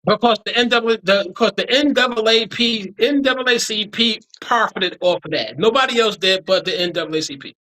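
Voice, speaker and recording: Man, panel guest, high voice, bright, blunt, insistent. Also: brisk, few pauses, low-quality recording. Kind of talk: argumentative discussion.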